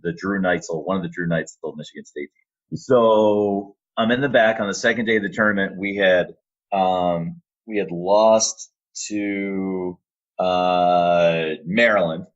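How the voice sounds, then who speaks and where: A podcast guest who works as an announcer and voice actor tells stories in a casual interview, his very low, deep voice full of animated energy as he acts out quoted lines. He speaks a little slowly, and the audio is slightly dull and lo-fi.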